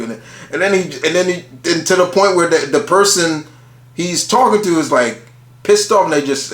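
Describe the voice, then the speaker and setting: A man's voice: fairly high pitch, normal speed, fairly bright tone, roomy sound. A man casually talking through a ranked list of favourite cartoon characters, rambling and restarting often, with casual swearing. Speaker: channel host ranking cartoon characters.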